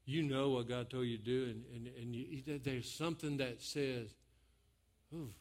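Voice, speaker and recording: A man's voice: mid-range voice, steady tone, moderate pace, a little mellow. A man preaching a sermon in a folksy, joking way, speaking to his congregation. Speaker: pastor.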